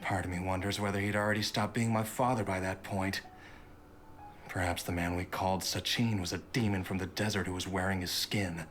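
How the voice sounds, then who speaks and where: An actor playing a bitter, resentful son in a game who talks coldly and grudgingly. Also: male voice, low-pitched, steady tone, a little fast, fairly bright tone, soft background music. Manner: cold, grudging.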